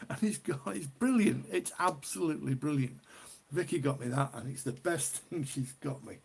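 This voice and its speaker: A man's voice: fairly high pitch, normal speed, gravelly, a little mellow, slightly rough. A middle-aged man from the UK hosting a casual beer live stream, chatty and rambling, often repeating himself. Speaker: beer livestream host.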